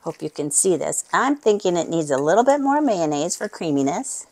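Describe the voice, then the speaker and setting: A woman's voice: on the low side, very animated, moderate pace, a little mellow. Chatty woman demonstrating a home recipe. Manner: chatty, talks straight to viewers; savoring, with appreciative murmurs. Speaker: cooking channel host. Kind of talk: casual cooking demonstration.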